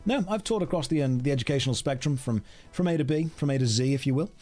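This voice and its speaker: Joking male streamer, lively voice. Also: medium pitch, fast talker. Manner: joking, mock-serious. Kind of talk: casual game stream commentary.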